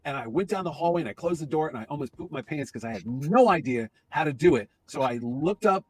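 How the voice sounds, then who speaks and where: A man in his fifties, an interview guest, telling an animated anecdote. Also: fairly high pitch, slightly rough. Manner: animated, fast-talking storyteller. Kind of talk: storytelling anecdote.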